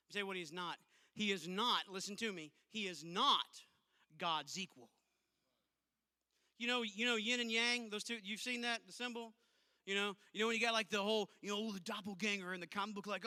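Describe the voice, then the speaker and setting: High-voiced man preaching in a hall. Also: sharp tone, clean tone. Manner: emphatic and conversational, punchy asides. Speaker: youth pastor. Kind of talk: youth sermon. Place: church auditorium. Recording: long reverb of a large hall.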